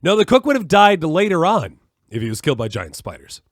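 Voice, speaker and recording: A man's voice: fairly high pitch, big pitch swings, a little fast, dry recording, studio quality. A man streaming a video game, puzzling things out aloud and musing to himself as he plays. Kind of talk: live gameplay commentary.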